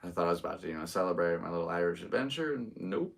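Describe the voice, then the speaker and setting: Low-voiced American man rambling casually. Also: expressive, very fast, vocal fry, distant mic. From United States. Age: 30s. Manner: rambling, easygoing, talks to viewers. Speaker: podcast host and stand-up comedian. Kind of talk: casual solo livestream chat.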